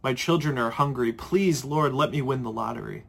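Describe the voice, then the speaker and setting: A man's voice: mid-range voice, normal speed, gravelly, husky. Brief: man telling a joke as a pleading mother begging for help. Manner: pleading, plain storytelling voice. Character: desperate mother praying for a lottery win.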